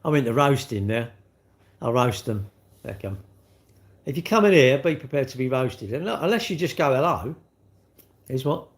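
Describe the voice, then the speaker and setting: Chatty rambling man, lively pitch. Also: moderate pace, long pauses. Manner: chatty, rambling, ranting with rhetorical questions. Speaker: livestream host. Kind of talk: casual live-stream chat reading comments.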